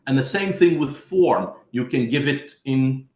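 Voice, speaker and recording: A man's voice: medium pitch, expressive, a little slow, darkish tone, roomy sound. A man giving a lesson to teachers, explaining step by step and calling his listeners "my friends". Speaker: teacher trainer.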